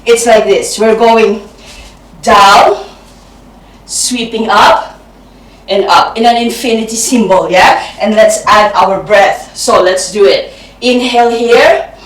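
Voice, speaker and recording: A woman who teaches yoga, guiding a class slowly with calm step-by-step cues and breathy sighs between breaths. Her voice sits a little high. She is recorded from some distance in an echoey room. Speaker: yoga instructor. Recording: roomy, from a distance.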